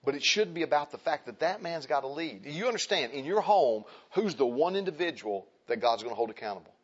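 A man's voice: fairly high pitch, lively intonation, fast talker, breathy edge, highs cut off. A male preacher delivering an emphatic sermon, repeating phrases and turning to speak to the men and then the women of the congregation.

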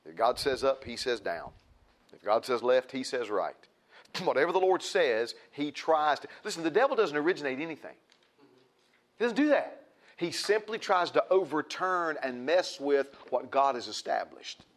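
A male preacher with a drawl delivers a church sermon. He talks in a plain, folksy way at a middling pitch, circling back to repeat his key words for emphasis. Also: sing-song, normal speed. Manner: folksy, repetitive, building emphasis.

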